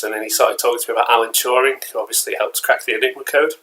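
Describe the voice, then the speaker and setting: A man's voice: fairly low pitch, fairly even intonation, very fast, hardly any pauses, sharp tone, rough recording. A man with an English accent chatting casually at home as a collectibles vlogger, rambling along with frequent fillers and restarts. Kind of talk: casual vlog chat. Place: at home, indoors.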